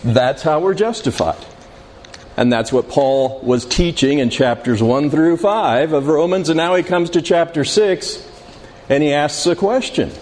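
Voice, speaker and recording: Slow, deliberate male Bible teacher. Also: fairly high pitch, a little mellow. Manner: slow and deliberate, questions the class. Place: classroom with a board. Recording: reverberant hall, faint background noise.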